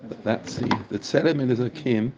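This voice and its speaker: A man's voice: medium pitch, a little fast, heavy background noise. A man teaching a Torah class in a casual, enthusiastic way, repeating phrases for emphasis. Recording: muffled recording with a crowd audible.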